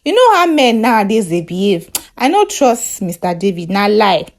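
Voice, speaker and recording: Woman voicing a gossipy Nigerian caller, slow, suspicious. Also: mid-range voice, big pitch swings. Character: gossipy female radio caller.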